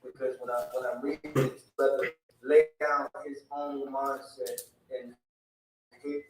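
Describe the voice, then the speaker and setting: A man in a class speaking haltingly and repeating himself. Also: medium pitch, little pitch movement, darkish tone. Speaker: class member. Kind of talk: casual class discussion. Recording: echoey room from a distance with faint noise.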